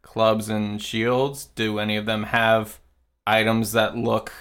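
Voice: medium pitch, level tone, slow, a bit bright, clear, resonant tone. A player in a tabletop role-playing game, cautious and practical in questions. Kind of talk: casual tabletop play.

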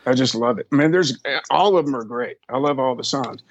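Husky man telling rambling road stories. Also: medium pitch, fairly quick, dull audio. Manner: profane, rambling, lots of fillers. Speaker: interview guest. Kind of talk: casual storytelling.

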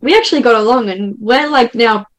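Bubbly young actress from Australia. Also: female voice, fairly high pitch, fairly quick, low-quality recording. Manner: bubbly, gushing, many "like" fillers. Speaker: young actor guest. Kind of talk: casual interview chat.

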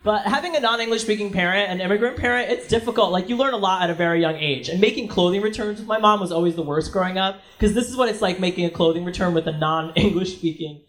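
A man from Brooklyn doing profane, animated stand-up comedy on a club stage. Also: high-pitched, fast talker, hardly any pauses. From Brooklyn, New York. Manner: brash, profane, animated storytelling. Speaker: stand-up comic. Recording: crowd noise from live audience. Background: audience laughter.

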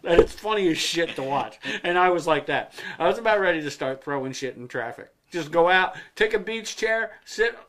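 A man's voice: fairly high pitch, lively intonation, moderate pace, hardly any pauses, fairly bright tone, a little hiss or hum. A man hosting a casual podcast, rambling and joking with crude language. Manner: rambling, joking, profane storyteller. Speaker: podcast host.

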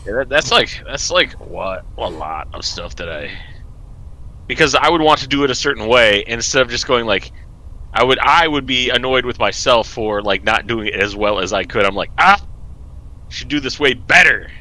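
A man's voice: mid-range voice, lively intonation, normal speed, bright, forceful tone, poor audio. A man chatting casually, rambling and joking with lots of fillers. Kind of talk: casual chat.

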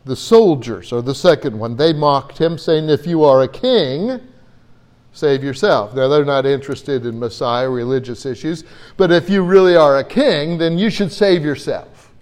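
A man's voice: fairly high pitch, normal speed, darkish tone. A man preaching a Bible-teaching sermon in an earnest way, often repeating words as he gathers his thoughts.

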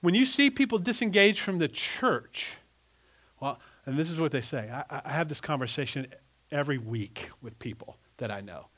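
Animated, emphatic male preacher. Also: on the high side, moderate pace. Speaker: pastor. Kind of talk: sermon.

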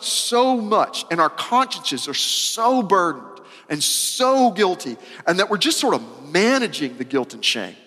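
Emphatic high-voiced male preacher, reverberant hall. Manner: emphatic, repeats phrases, swings between loud and soft; casual, uses "y'all" and slang. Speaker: pastor. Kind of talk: sermon.

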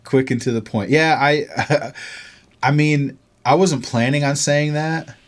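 A man's voice: fairly high pitch, steady tone, slow. A man with an Australian accent, co-hosting a podcast and reading listener emails aloud, laughing often and stumbling over lines. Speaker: podcast co-host.

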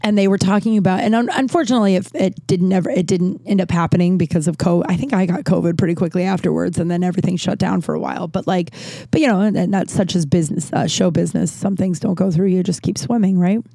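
A woman's voice: on the low side, fairly even intonation, fast, creaky, dark tone, dry recording. Rambling, foul-mouthed woman storyteller. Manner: rambling, swears freely, frequent restarts and self-corrections. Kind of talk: casual storytelling monologue.

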